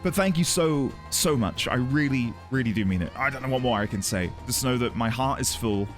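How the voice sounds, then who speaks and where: A male live streamer talks openly to his audience, his pitch swinging widely as he greets viewers. He comes across as earnest and emotional, often circling back on his words. Soft music plays faintly underneath. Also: expressive, fairly quick. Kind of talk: casual chat with a live audience.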